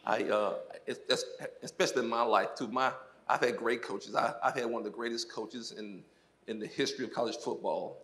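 A man from South Mississippi, a former football player, giving an animated testimony on a church stage, laughing often as he tells stories. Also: mid-range voice, a little fast. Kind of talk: onstage interview testimony. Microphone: handheld microphone.

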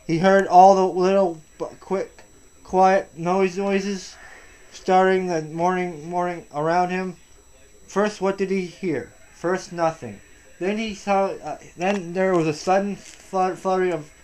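A man reading a picture book aloud to his child, soft and patient, often stopping and restarting words. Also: sits high, steady tone, slow.

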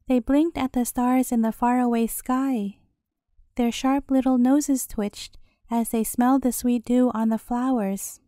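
A woman storyteller reading a bedtime fairy tale in a gentle, clear way. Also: on the high side, dry recording, studio quality.

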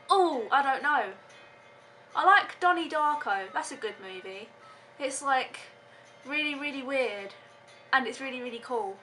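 A woman's voice: high voice, bright, forceful tone. A young woman vlogging casually from home, giggling often and rambling with lots of hesitant ums.

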